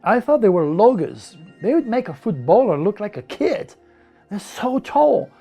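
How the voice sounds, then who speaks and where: A man with a French accent telling his life story in broken English, animated and repeating words as he goes. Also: high voice, measured pace, gravelly, muffled recording, soft background music. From France. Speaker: interviewee. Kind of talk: personal storytelling.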